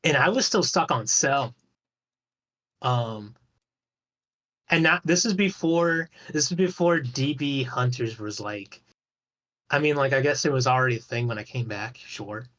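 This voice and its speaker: A man's voice: mid-range voice, expressive, unhurried, pauses often, fairly bright tone. A man talking as a guest on a podcast in a loose, rambling way, swearing casually and restarting his sentences often. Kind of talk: casual chat about an online game.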